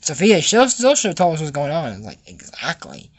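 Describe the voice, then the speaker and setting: A man's voice: on the high side, huge pitch swings, quick pace. Sarcastic young man recapping a cartoon. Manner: sarcastic, acts out the characters' lines. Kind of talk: comedic episode recap.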